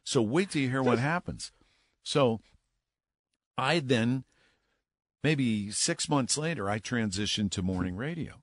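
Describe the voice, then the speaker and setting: Lively storytelling veteran broadcaster man. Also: medium pitch, unhurried, pauses often, no echo, clean studio sound. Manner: lively anecdote-teller who acts out voices. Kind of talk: animated storytelling.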